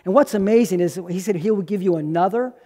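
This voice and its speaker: A man's voice: high voice, fast talker, mellow, in a large hall. A male pastor preaching a sermon, asking rhetorical questions and repeating key lines for emphasis.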